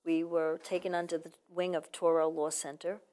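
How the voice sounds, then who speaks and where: A woman's voice: deep voice, level tone, moderate pace, dark tone. A woman author telling her personal story in an earnest, reflective way during an interview. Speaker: author guest. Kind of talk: casual interview.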